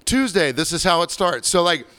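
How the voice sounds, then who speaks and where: A man spins a profane tale from behind the bar, slipping into the voices of customers and coworkers as he goes. His pitch rises and falls a lot as he talks. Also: normal speed, clean tone, no room sound. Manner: animated, profane, acts out quoted voices. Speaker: bartender. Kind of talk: casual storytelling chat.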